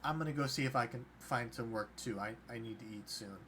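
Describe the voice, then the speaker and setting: A man voicing a small, timid, hungry male halfling in a tabletop game, speaking quietly and hesitantly. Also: mid-range voice, a little fast, a little hiss or hum, voice pushed down, natural voice.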